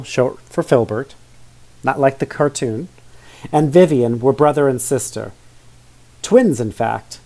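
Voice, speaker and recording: Mellow-voiced man reading to children. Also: mid-range voice. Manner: chatty asides to young listeners. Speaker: storybook reader. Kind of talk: reading a children's story aloud.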